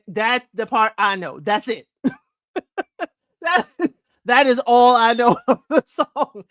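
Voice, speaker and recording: A woman's voice: on the high side, expressive, takes it slowly, pauses often, dry recording. Chatty woman with a dry close sound. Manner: chatty, laughing, half-sings song lines. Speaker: podcast host. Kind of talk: casual chat reviewing old chart songs.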